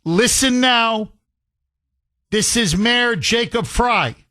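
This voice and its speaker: Speaking slowly in a very high, pushed, bright voice, a political talk radio host launches into an indignant, sarcastic monologue. He hammers his points with repetition and rhetorical questions.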